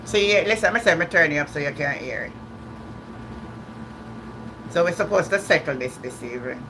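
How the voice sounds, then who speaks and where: A woman's voice: deep voice, lively intonation, moderate pace, background noise. A woman hosting a casual livestream, chatty, repeating and restarting her words and laughing often. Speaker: livestream host. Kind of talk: casual live-stream chat.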